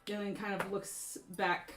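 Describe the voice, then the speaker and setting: A woman's voice: medium pitch, level tone, a little slow, echoey room, music in the background, rough recording. A woman narrating as dungeon master, rambling with many fillers. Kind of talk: narrating a tabletop game.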